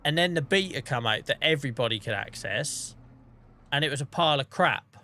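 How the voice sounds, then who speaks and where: A laid-back man with a Norfolk accent talks to his stream chat as he plays. His voice is bright and forward, at a middle pitch, and he rambles easily between the game and the viewers. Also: animated, a little fast, a little hiss or hum. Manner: chatty, laid-back, talking to chat while playing. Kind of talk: casual gaming stream chat.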